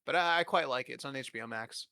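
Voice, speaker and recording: Bright-voiced young man rambling crudely. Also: medium pitch, quick pace, vocal fry, no room sound. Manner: rambling, crude joking, heavy on filler words. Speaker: podcast host. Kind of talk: casual podcast chat.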